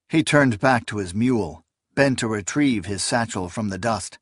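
Slow, husky male audiobook narrator. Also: fairly low pitch, no echo, studio quality. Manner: measured, even storytelling.

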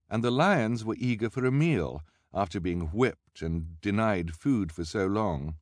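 Deep-voiced wry male narrator. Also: dry recording. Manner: wry, dry, measured storytelling. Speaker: audiobook narrator. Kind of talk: scripted narration.

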